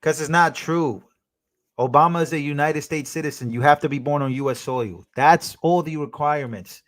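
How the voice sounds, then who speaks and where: A man's voice: on the high side, moderate pace, fairly bright tone. A young man hosting a live stream, chatting casually, reading out chat messages and thanking donors.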